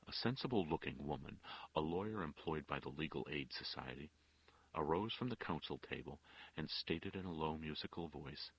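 A man narrating an audiobook with measured, expressive storytelling. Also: very deep voice, breathy edge, no echo. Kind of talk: audiobook reading. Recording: dull, dry lo-fi recording.

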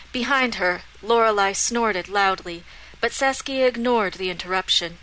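Bright-voiced woman narrating a fantasy novel. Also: mid-range voice, normal speed, slight background noise, low-quality recording. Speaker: audiobook narrator.

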